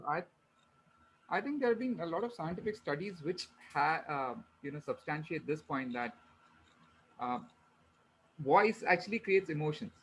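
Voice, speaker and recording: A man's voice: fairly high pitch, animated, moderate pace, long pauses, slight background noise, poor audio. A man taking part in an online session, answering a question hesitantly with many fillers. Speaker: webinar participant.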